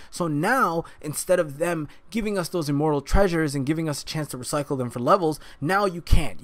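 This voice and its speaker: A man's voice: fairly high pitch, no echo. Angry ranting man, dry close sound. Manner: angry ranting, frequent swearing. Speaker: streamer. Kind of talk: heated gameplay commentary. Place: at a gaming computer while streaming.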